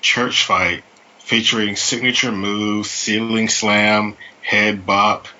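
A man's voice: lowish voice, flat delivery, slow, pushed and bright, highs cut off. A man co-hosting a podcast, reading a wry, jokey recap of TV episodes. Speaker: podcast co-host.

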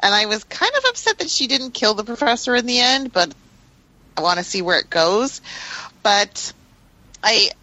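A woman's voice: on the high side, lively intonation, moderate pace, long pauses, pushed and bright, no echo, low-quality recording. A woman co-hosting a podcast in casual discussion, hesitant with many fillers and restarts. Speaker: podcast co-host.

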